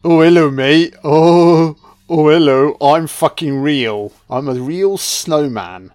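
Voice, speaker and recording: A man's voice: slow pace, darkish tone, no room sound, clean studio sound. A man voicing a laid-back, friendly male snowman who keeps calling everyone mate. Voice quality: mumbled, low, chummy with lots of "mate".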